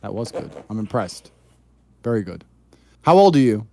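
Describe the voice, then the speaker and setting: A man guesting on a stream, teasing the host in a dry, deadpan way. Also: lowish voice, normal speed, creaky. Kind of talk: casual stream chat.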